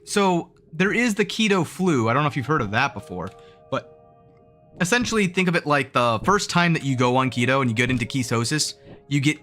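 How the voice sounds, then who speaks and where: Bright-voiced chatty male streamer. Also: medium pitch. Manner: rambling, chatty, lots of restarts and fillers. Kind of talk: casual livestream chat with viewers.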